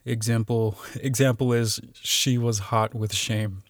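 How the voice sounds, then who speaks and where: A man's voice: lowish voice, steady tone, measured pace, no room sound, studio quality. A man talking casually on his own, reading out definitions with many fillers and restarts.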